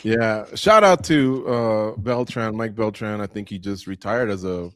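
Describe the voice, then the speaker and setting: A man hosting a radio show, asking relaxed, chummy follow-up questions in a casual interview. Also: fairly low pitch, unhurried, clean tone, dry recording. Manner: relaxed and chummy, asks loose follow-ups.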